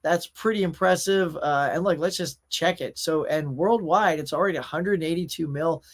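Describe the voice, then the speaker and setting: A man's voice: on the high side, normal speed. A middle-aged man hosting a casual pop culture show, chatting and reading viewer comments in a rambling way with fillers.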